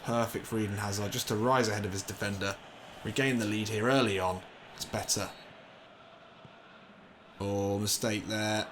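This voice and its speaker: A man commentating on his own football video game session, excitable and swearing, shouting when things go wrong. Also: on the low side, normal speed, pauses often, a little hiss or hum. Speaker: gaming commentator.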